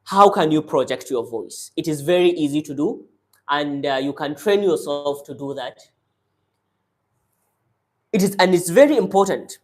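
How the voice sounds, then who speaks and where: A man teaching public speaking as a coach, giving direct, instructive tips in short commands. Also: fairly high pitch. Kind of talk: motivational speaking lesson.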